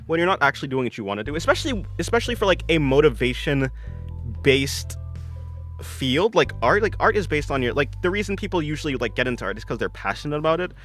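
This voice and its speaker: A man's voice: a little high, big pitch swings, quick pace, fairly bright tone, faint music behind. A young man chatting on his art stream, answering viewers in a rambling, self-correcting way and laughing often.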